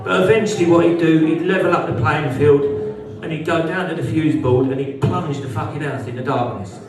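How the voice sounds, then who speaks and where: A man's voice: fairly high pitch, fairly quick. A young British man doing a live stand-up routine in a social club, brash and sweary as he banters with the crowd. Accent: British English. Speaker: stand-up comedian. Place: social club comedy venue. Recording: roomy hall, heard from a distance. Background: audience laughter.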